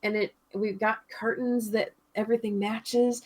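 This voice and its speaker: A woman's voice: fairly high pitch, level tone, a little slow, darkish tone. A woman co-hosting a podcast, telling a long story in a rambling, chatty way and laughing often. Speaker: podcast co-host. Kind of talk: casual chat.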